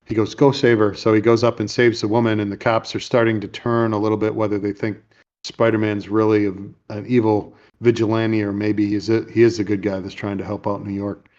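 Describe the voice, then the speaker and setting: A man's voice: on the low side, flat delivery, a little mellow, lo-fi sound. Man casually recapping a movie. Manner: rambling, retells scenes with quick put-on lines. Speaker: podcast host.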